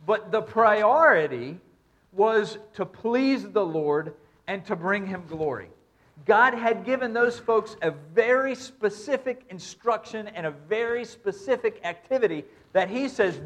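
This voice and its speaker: A pastor preaching a sermon, reading scripture and repeating points with emphasis. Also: male voice, high-pitched, lively intonation, normal speed.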